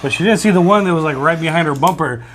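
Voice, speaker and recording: A man's voice: fairly high pitch, fast talker, fairly bright tone, slight background noise. A man co-hosting a podcast, chatting in an easygoing way, swearing casually and laughing at his own stories. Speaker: podcast co-host. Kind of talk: casual chat.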